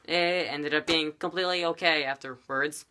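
A man's voice: a little high, steady tone, moderate pace, background noise. A man telling a personal story in a casual vlog, rambling with lots of fillers and dramatic emphasis. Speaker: vlogger.

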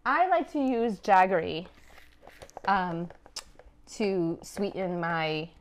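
A woman's voice: fairly low pitch, very animated, slow, slight background noise. A woman from Afghanistan hosting a casual cooking livestream from her home kitchen, chatty and wry, with a teasing humor. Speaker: cooking show host. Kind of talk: casual live-stream cooking chat.

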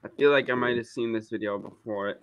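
A man's voice: mid-range voice, a little fast, clean tone, dry recording, lo-fi sound. Chatty man on a dry voice chat. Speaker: friend in a voice chat. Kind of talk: casual group voice chat.

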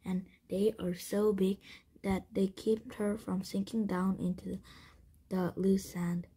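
A calm, wise man who guides travelers through the desert, as a woman reads his lines from a storybook. The voice is soft, husky and breathy, with a mellow, dark tone. The speech is slow and patient. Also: medium pitch, full character voice. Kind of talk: storybook read-aloud.

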